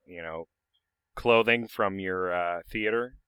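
A man co-hosting a casual comedic chat, tossing in dry deadpan quips. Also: sits low, takes it slowly, clean tone, no room sound. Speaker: podcast co-host.

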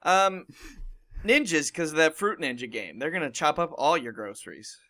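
A man's voice: on the high side, animated, moderate pace, bright, forceful tone, no room sound, studio quality. A man co-hosting a casual podcast, playful and silly in banter. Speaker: podcast co-host.

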